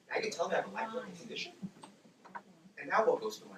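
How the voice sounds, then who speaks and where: A man in his forties gives a personal story talk to a live audience and acts out the voices in it. His voice is somewhat high and swings widely in pitch as he talks quickly. It is picked up by a distant mic in an echoey room with a steady noise behind. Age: 40s. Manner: animated, acts out his own and others' words. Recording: roomy, distant, with background noise.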